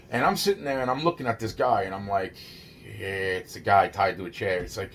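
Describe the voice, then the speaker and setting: A man's voice: lowish voice, slight background noise. A man casually retelling a true story in the first person. He rambles, restarts sentences, swears constantly and sounds shaken and unable to believe it himself. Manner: rambling and halting, many restarts and repeated words; shaken disbelief at his own story.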